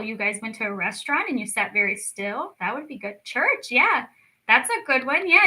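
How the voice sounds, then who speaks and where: A young woman teaching a children's lesson, slow and encouraging as she speaks to young kids. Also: on the high side, sharp tone, poor audio. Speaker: speech clinic storytime teacher.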